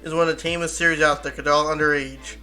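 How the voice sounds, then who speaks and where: A man hosts a casual chat interview. His voice sits high and bright, and he talks in rambling bursts, stopping, restarting and correcting himself as he goes. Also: flat delivery, fast, faint music behind. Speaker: interview host.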